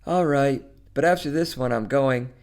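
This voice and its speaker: A man's voice: mid-range voice, normal speed, a little mellow, voice pushed up, lightly acted. A man putting on a timid, giggly lonely woman. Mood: polite. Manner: nervous, giggly and apologetic. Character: lonely middle-aged woman, timid and hesitant.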